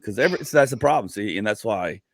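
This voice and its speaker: A man's voice: lowish voice, lively intonation, fast, gravelly, a little hiss or hum. A man in his forties hosting a casual comedy podcast, telling rambling stories full of "like" and acted-out asides. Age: 40s. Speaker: podcast host.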